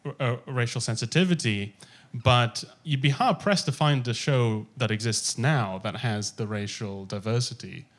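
A man in his thirties from Malaysia, a podcast guest who talks in an animated, amused way and laughs through his stories. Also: medium pitch, normal speed. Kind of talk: casual conversation.

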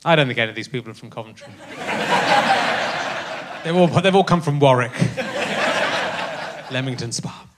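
A man's voice: mid-range voice, expressive, normal speed, pauses often, very noisy. A middle-aged man hosting a live comedy podcast on stage, wry and teasing, laughing often. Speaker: podcast host. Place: theatre stage before a live audience.

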